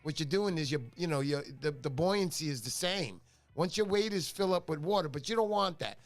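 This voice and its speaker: Middle-aged new guy running a fishing livestream, bit high voice, chatty and jokey, faint music behind. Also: lively intonation, a little fast. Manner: chatty, joking, greets viewers by name. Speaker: fishing show host. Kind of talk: casual livestream chat. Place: home livestream.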